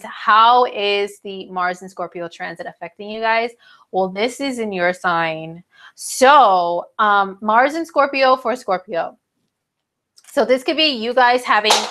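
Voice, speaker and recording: A woman talks through astrology to her viewers in a loose, chatty way, full of slang and fillers. Her voice sits at a middling pitch and sounds a little stuffy from her sinuses. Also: a bit bright. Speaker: astrology video host. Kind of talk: casual talk to camera.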